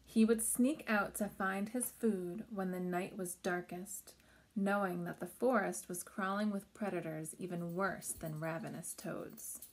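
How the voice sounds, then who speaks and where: A woman reading a children's picture book aloud at home, gently pausing to talk about the pictures and ask questions. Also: fairly low pitch, fairly even intonation. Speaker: storybook reader for children.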